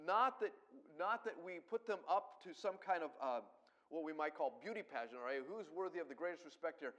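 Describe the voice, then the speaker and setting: A middle-aged male pastor from Colorado delivers a sermon in a fairly high voice. He rushes along, then pushes single words out hard and loud for emphasis. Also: lively intonation. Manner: fast-paced preaching with sudden loud emphatic swells.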